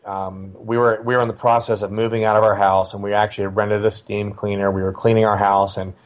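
A middle-aged man with a fairly low voice tells a story about his family. He talks in a relaxed, conversational way, pausing on fillers and restarting his sentences as he thinks. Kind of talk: casual personal storytelling.

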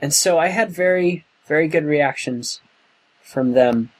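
A young man being interviewed, talking in a slow, thoughtful way with many pauses and restarts. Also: fairly high pitch, poor audio. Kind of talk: oral history interview.

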